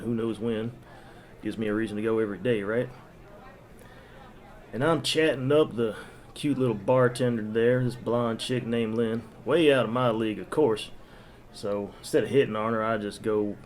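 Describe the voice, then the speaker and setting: A man's voice: mid-range voice, darkish tone. A man narrating a first-person crime story in a crude, profane way, with ranting asides.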